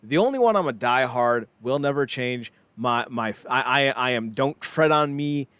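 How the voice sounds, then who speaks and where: A man's voice: mid-range voice, expressive, normal speed, fairly bright tone, smooth, dry recording. A man co-hosting a wrestling podcast, chatting casually, rambling and laughing often, acting out quotes in little voices. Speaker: podcast co-host. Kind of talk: casual chat.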